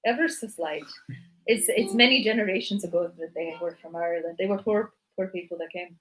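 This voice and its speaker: A woman's voice: on the low side, fairly quick. Rambling woman chatting on a livestream. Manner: rambling, joking, jumps between topics. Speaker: livestream host. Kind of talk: casual chat.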